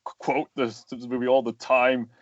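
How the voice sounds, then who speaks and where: A man's voice: mid-range voice, little pitch movement, normal speed, no room sound. A young man, a voice actor and animator, explaining his craft earnestly in a casual interview. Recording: dull lo-fi sound, dry.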